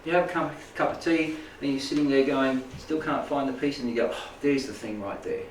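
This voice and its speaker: A man's voice: medium pitch, fairly even intonation, brisk, slight background noise. A man teaching a small group in a loose, rambling way, often checking in with "right?" and "make sense?". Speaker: spiritual healing teacher. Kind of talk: informal talk to a small group. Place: indoor room with a live audience. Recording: echoey room, mic at a distance.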